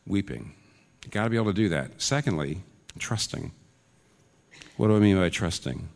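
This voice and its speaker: A man's voice: low-pitched, lively intonation, normal speed, creaky. A man preaching a sermon in an earnest way, his voice climbing into urgent questions. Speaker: pastor. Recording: long reverb of a large hall.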